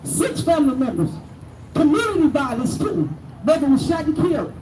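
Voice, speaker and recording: A woman's voice: high voice, big pitch swings, normal speed. A middle-aged bereaved mother giving a raw, angry speech to a crowd at an outdoor protest. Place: outdoors at a protest by city hall. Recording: distant echoey noisy outdoor recording.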